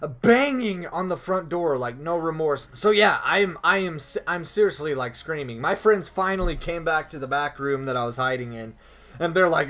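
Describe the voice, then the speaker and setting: A young man vlogger telling a story from his life in a loose, animated way, swearing often and jumping into high, screaming voices to act out scenes. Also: moderate pace. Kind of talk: storytime vlog.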